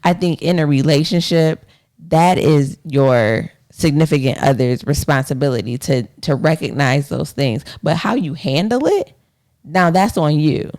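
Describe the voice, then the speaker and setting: A woman co-hosting a podcast, speaking in a direct, candid way with some gentle teasing. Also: deep voice, a little slow. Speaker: podcast co-host. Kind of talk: casual relationship chat.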